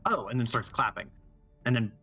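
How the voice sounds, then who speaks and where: Bright-voiced male game master. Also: mid-range voice, slightly rough, lo-fi sound, soft background music. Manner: relaxed, halting narration with many restarts. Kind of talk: narrating a tabletop horror game.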